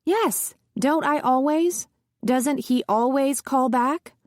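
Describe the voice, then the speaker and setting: Woman putting on a young man's voice, nervous, placating, higher pitched, dry. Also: animated, measured pace, a little mellow, no room sound. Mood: anxious pleading. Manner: nervous, eager to please. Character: anxious, placating grown son, a young man.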